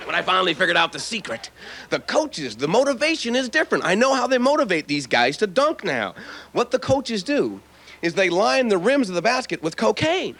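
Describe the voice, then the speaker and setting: High, lively stand-up comic man. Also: measured pace. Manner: animated, doing jokey voices. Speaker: stand-up comedian. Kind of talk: stand-up comedy set. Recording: noisy old videotape.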